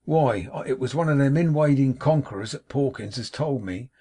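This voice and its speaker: A man's voice: medium pitch, moderate pace, slightly rough. A man voicing a cheerful, ever jolly working-class manservant with a chirpy way of talking. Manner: chirpy, brightly drawn out dialect.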